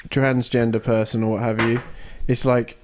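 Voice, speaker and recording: A man's voice: medium pitch, level tone, normal speed, noisy background. A man chatting casually and crudely with friends while a film plays, joking as he talks. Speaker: podcast co-host. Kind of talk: casual chat over a film.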